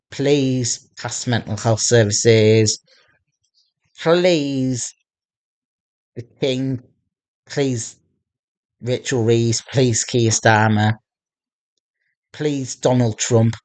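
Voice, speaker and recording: A man's voice: mid-range voice, a little mellow. A man in his thirties from northeast England, talking in a personal video diary and often stopping to repeat and restart his phrases. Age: 30s. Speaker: vlogger.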